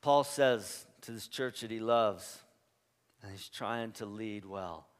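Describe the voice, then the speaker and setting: A man preaching a sermon as a pastor, animated and emphatic, jumping from loud punchy lines to quiet joking asides to his congregation. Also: on the low side, slow, smooth, in a large hall.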